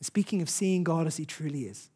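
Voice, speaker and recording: A breathy, slightly husky preacher delivers a sermon. The pitch sits in a middle range, and the talk is earnest and conversational. Short phrases come back again and again for emphasis. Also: animated, fairly quick, dark tone.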